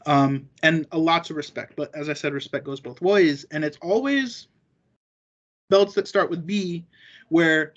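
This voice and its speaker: High-voiced man in muffled, rambling chat. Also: unhurried. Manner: rambling and profane, acting out quoted remarks. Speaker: guest, jiu-jitsu competitor. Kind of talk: casual podcast chat.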